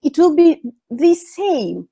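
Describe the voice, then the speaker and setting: A woman's voice: sits high, very animated, takes it slowly, creaky, dark tone. A woman with a Russian accent teaching English communication in a webinar, chatty with frequent fillers. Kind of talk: webinar lesson.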